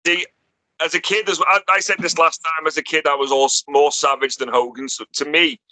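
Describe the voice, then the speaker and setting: A man talking animatedly on a podcast, full of swearing and big comparisons. His voice is bright and sharp, and it sits a little high. The sound is dry and close. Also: flat delivery, fairly quick, no echo, low-quality recording. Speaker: podcast guest. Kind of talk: casual chat.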